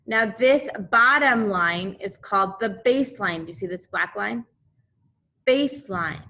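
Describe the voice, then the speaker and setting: A woman teaches second graders over a video lesson, speaking into a computer mic. Her voice is bright and clear, and she talks slowly, repeating each term so the children can say it with her. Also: mid-range voice, lively intonation. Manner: slow, repeating drills for young children. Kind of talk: remote class lesson.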